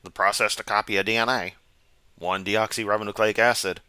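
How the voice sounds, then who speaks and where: A man's voice: lowish voice, steady tone, fairly quick, sharp tone, smooth, no echo. A man giving sarcastic, rambling reaction commentary from a chair at home. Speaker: commentary streamer. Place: home room, seated.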